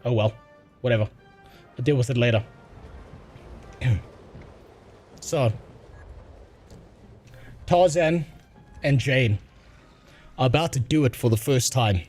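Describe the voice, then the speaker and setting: A man's voice: mid-range voice, takes it slowly, pauses often, darkish tone, faint music behind. A man doing crude, joking casual gameplay commentary as a streamer.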